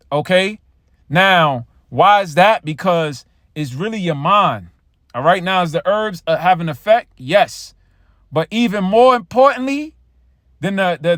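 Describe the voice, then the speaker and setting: A man with a high voice delivers a casual sermon, reading scripture lines slowly and with weight, then talking them through. His speech is loose and stumbling, full of "all right" and repeated words. The sound is close and dry, with no room around it. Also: no room sound. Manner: reads scripture slowly and with emphasis. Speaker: preacher.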